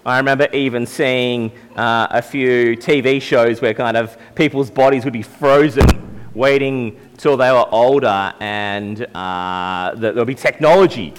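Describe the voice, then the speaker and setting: A young man giving a gentle, conversational sermon to young people as their pastor, with many fillers. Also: medium pitch, a little slow, clean tone. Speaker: youth pastor. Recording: long hall reverb.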